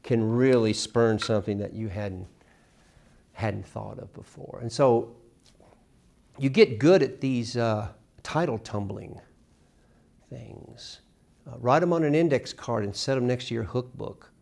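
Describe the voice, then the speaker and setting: A middle-aged man teaching a casual songwriting workshop, acting out lyric lines with lively emphasis. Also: medium pitch, unhurried, vocal fry, long pauses. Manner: animated, sings and acts out lyric examples.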